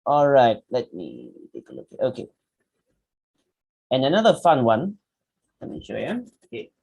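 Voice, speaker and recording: A man's voice: medium pitch, wildly swooping pitch, unhurried, vocal fry, slightly rough, lo-fi sound. A man giving a public speaking workshop, demonstrating with his voice and asking the audience questions. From Malaysia. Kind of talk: workshop lecture.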